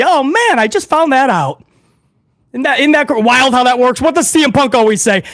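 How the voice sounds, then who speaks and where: A man hosting a wrestling news talk show, animated and profane, rambling through his points. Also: very high voice, normal speed, dry recording, clean studio sound. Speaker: host.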